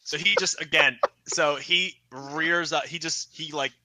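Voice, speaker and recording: A man narrates a tabletop game as game master with a very bright, ringing voice. He tells the action vividly, stumbling through fillers and restarts. The sound is dry and close. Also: fairly high pitch, unhurried, dry recording. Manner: animated, vivid storytelling with many fillers and restarts.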